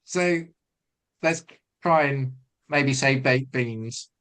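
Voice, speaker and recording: A man's voice: mid-range voice, extremely slow, a bit bright, smooth. A man co-hosting a webinar, giving riding advice over a video call and thinking aloud with many restarts. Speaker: retraining coach and webinar co-host. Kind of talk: casual instructional chat.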